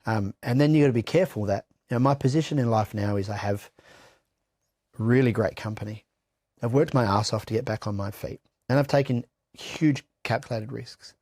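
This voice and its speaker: A man's voice: medium pitch, a little fast, a little mellow, no echo, studio quality. A middle-aged Australian man giving blunt, candid personal testimony in an interview, swearing freely and often restarting his sentences. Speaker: interview guest.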